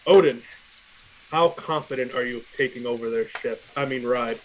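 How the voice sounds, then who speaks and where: A man's voice: mid-range voice, normal speed, highs cut off, slight background noise. A man playing a tabletop game, chatting casually with loose, laughing asides. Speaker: player.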